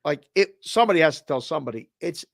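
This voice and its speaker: A man with a Boston accent tells a story in casual chat, his pitch a bit high and swinging widely as he acts out both sides of the exchange. He is heard on a dry, close remote feed over a video call. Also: expressive, fast talker, vocal fry, no room sound. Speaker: co-host of a sports betting show.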